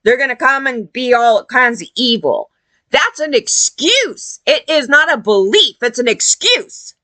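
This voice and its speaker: A woman commentator delivering a heated, profane opinion rant, scornful in tone and quick to mock others in put-on voices. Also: high voice, expressive, pushed and bright, dry recording. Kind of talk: ranting opinion video.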